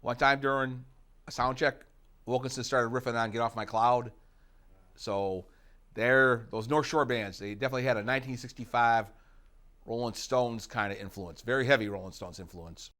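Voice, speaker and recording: A middle-aged man from the United States talks casually in an interview. He rambles, breaking off for fillers and asides. His voice sits at an ordinary male pitch. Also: normal speed, fairly bright tone. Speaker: interviewee, rock guitarist.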